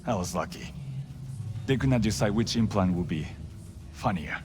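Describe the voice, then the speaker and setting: An actor playing a gentle, pious monk who speaks formally and gravely, without contractions, in game dialogue. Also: male voice, on the low side, lively intonation, moderate pace, natural voice. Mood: solemn. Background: music.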